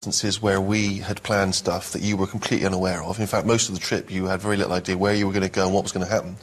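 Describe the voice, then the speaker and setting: A man's voice: deep voice, flat delivery, rapid-fire. A man co-hosting a comedy talk show, asking his guest mock-earnest, probing questions. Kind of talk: casual interview questions.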